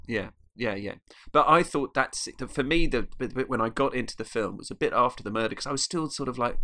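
A man's voice: mid-range voice, lively intonation, fast, pushed and bright. A man talking about a film, hesitant, with many restarts. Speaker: film reviewer. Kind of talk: casual film discussion.

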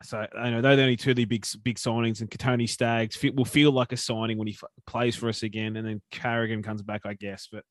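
A man's voice: medium pitch, level tone, fast, few pauses, dry recording. A man co-hosting a podcast, chatting in a laid-back way with lots of fillers. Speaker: podcast co-host. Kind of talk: casual chat.

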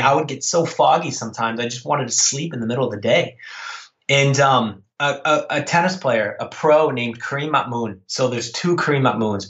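A man's voice: medium pitch, fairly bright tone. A man telling a story as an interview guest, rambling with many restarts. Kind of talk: casual storytelling. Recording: echoey, dull lo-fi audio.

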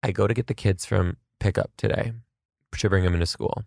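A lowish, gravelly man spins funny tales from his kindergarten classroom, quick with self-mocking jokes and dramatic asides. His voice sits dry and close to the mic, with no room sound around it. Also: fairly even intonation, a little mellow, no echo. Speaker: kindergarten teacher. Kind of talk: comedic storytelling vlog.

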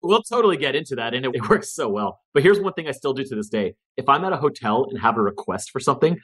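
A man appears as a guest in a casual podcast conversation, sounding energetic, relaxed, and profane. His voice is husky and medium-pitched, and he talks fast.

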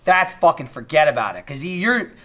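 A man's voice: fairly high pitch, very animated, brisk, bright, forceful tone. A man co-hosting a podcast, talking in a rambling way with frequent restarts in casual chat. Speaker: podcast co-host.

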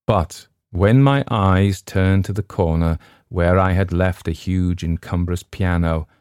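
A man reading a classic story aloud in a measured, dramatic first-person narration. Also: sits low, darkish tone, dry recording, studio quality. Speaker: audiobook narrator.

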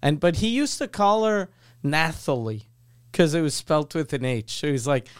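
A man's voice: fairly high pitch, sing-song, moderate pace, clean tone, no echo, clean studio sound. A man casually telling an anecdote on a podcast, laughing as he acts out the people in it. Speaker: podcast co-host. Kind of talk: casual chat, storytelling.

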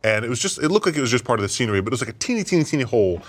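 A man's voice: mid-range voice, rapid-fire. A young man co-hosting a gaming podcast, swearing often and laughing as he tells game stories. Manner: swearing, laughing, animated storytelling. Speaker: podcast co-host. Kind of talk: casual chat.

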